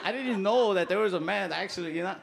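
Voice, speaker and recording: Young dude doing standup, chill deadpan delivery, slightly high voice, crowd roaring. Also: male voice, fast talker, vocal fry, noisy background. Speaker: stand-up comedian. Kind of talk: stand-up comedy set. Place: comedy stage before a live audience. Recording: loud audience laughter.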